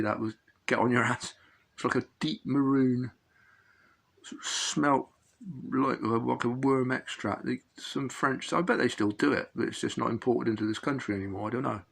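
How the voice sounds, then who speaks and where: Gravelly middle-aged Englishman telling stories. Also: medium pitch. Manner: rambling, chuckling, self-correcting. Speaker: fishing channel host. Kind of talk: casual anecdotal storytelling.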